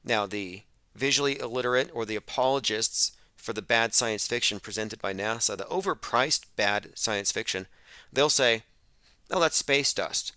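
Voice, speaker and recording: Bright, sarcastic male radio host. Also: lowish voice, moderate pace, clean tone, dry recording. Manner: emphatic, sarcastic. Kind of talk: open-phones radio monologue.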